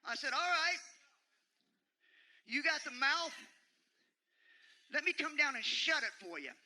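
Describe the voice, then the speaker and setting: A man talking in a wrestling ring, recounting a rivalry and calling out an opponent, building from calm to shouted threats. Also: very high-pitched, unhurried, poor audio. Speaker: wrestler cutting a promo. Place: arena ring.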